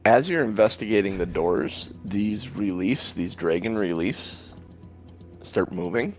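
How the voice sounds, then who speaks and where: A man with a very low voice narrates a tabletop game as dungeon master. He describes the scene in a halting way and fills gaps with ums. Soft music plays under him. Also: animated. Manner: hesitant, many ums.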